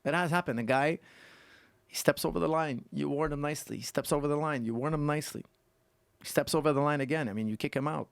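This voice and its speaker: Fast-talking animated man coach. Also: a little high, gravelly, clean tone, no room sound. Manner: animated storyteller who explains by repeating points. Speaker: guest martial arts coach. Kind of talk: casual podcast conversation.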